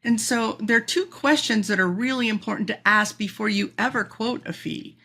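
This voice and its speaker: Woman speaker telling stories, bright voice with a gravelly edge, laughs a lot. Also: fairly high pitch, moderate pace. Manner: animated, laughs often, acts out quoted voices. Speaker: professional speaker, guest. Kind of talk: casual storytelling interview.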